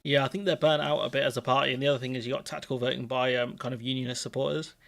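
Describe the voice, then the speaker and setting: A man co-hosting a live stream, chatting casually and giving relaxed, opinionated political commentary. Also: mid-range voice, racing, vocal fry.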